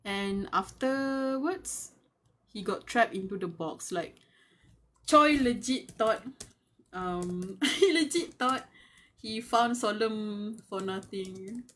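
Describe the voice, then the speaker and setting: A woman's voice: on the high side, a bit bright. A woman reading a web novel aloud live, breaking off to gush, squeal and laugh at the characters and talk to them. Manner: gushing fangirl reactions, squeals and laughter; muses aloud, talks to the characters. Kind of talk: live reading with excited commentary.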